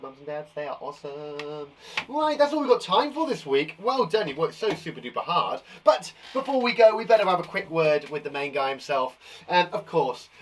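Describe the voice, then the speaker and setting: A man teaching a live online lesson for young children from a garden shed, upbeat and warmly encouraging, chatting with a puppet. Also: fairly high pitch, far from the mic. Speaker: primary school teacher.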